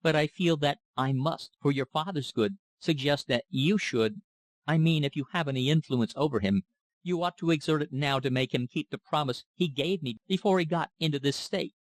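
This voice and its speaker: A man voicing a young naval lieutenant who speaks in a measured, formal, soothing way. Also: fairly high pitch, dry recording, close to an everyday voice. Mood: embarrassed.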